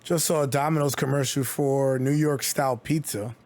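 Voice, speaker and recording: A man's voice: mid-range voice, steady tone, normal speed, a little mellow. A man streaming live basketball commentary, calling plays in a casual, chatty way with jokey asides. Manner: chatty, jokey asides between play calls. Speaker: streamer giving play-by-play commentary.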